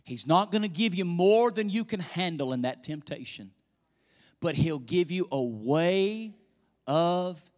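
A male pastor preaching a sermon in a church, swinging between loud emphasis and hushed near-whispers. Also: a little high. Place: church sanctuary. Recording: echoey church hall reverb.

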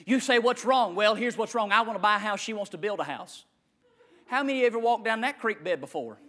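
A man preaching a sermon as pastor, swinging from shouted declarations to hushed asides. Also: high voice, expressive, fast.

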